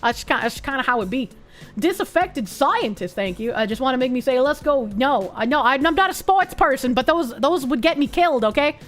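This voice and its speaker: A young woman with a Boston accent, chatting casually on a live stream, profane and excitable with bursts of yelling. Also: high-pitched, fairly quick, soft background music. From Boston, USA. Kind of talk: casual live-stream chat reading comments.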